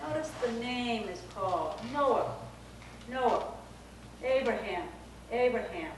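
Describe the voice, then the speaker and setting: A woman preaches a lively, playful sermon from a church pulpit, acting out the voices she quotes. Her voice sits a little high and is picked up from a distance. The sound rings through a very echoey hall over a steady hiss. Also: takes it slowly. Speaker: minister. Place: church sanctuary.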